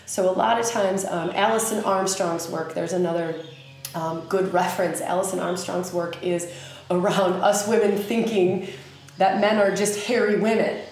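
A woman with a Southern US accent hosting a podcast, teaching in a casual, animated way with many fillers. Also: lowish voice, moderate pace. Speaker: podcast host. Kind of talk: casual spoken teaching monologue. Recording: very echoey room with faint ambience.

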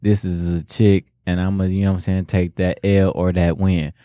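A man's voice: low voice, little pitch movement, moderate pace, dark tone, no room sound, clean studio sound. A man co-hosting a casual podcast chat, telling stories in a laid-back, slangy way and laughing often. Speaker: co-host.

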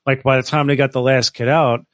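A man with a mid-range voice tells a story on a casual podcast. He talks in a lively, excited way, swears freely and often restarts his sentences. The sound is dry and close, with no room sound. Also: medium pitch, fairly quick, no echo. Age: adult, married. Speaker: podcast co-host. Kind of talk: casual chat.

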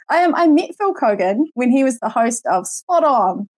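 A woman's voice: fairly high pitch, very animated, normal speed, a little mellow, dry recording. Chatty New Zealand woman, dry close sound. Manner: rambling, hedging, many fillers. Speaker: podcast guest. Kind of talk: casual podcast chat.

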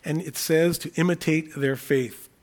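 A man preaching a sermon in an earnest, unscripted way, often restarting phrases and repeating key words slowly for emphasis. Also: a little high, fairly even intonation. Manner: earnest, thinking aloud with frequent restarts. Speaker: pastor.

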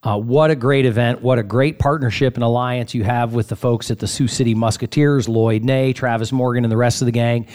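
A man's voice: medium pitch, fairly even intonation, brisk, few pauses, darkish tone. A man hosting a radio talk show, introducing and interviewing a guest in a polished way.

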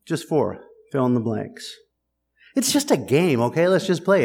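A man's voice: mid-range voice, very animated, unhurried, gravelly, darkish tone, slightly rough. A man preaching a sermon in a conversational, wry and teasing way, talking directly to his congregation. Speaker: pastor. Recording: long hall reverb.

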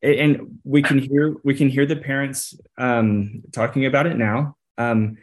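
A man's voice: medium pitch, steady tone. A man co-hosting a parenting podcast, talking things through thoughtfully with frequent restarts. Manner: thoughtful, halting, restarts phrases with "um" and "you know". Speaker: podcast co-host, psychologist. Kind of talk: casual advice chat.

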